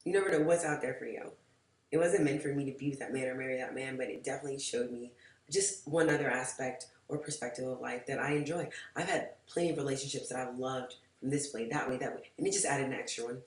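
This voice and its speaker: A woman's voice: rumbling low, quick pace. A woman telling a storytime vlog in a frank, rambling way, swearing freely and saying "like" a lot. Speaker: vlogger. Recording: roomy echo, mic far off.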